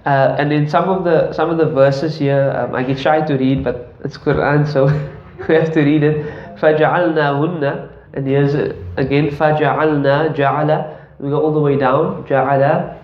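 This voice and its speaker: A man's voice: on the high side, little pitch movement, brisk, few pauses, a little hiss or hum. A man teaching Arabic grammar to a class, explaining patiently, quizzing his students and chuckling often. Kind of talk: classroom lesson. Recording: echoey classroom, dull lo-fi audio.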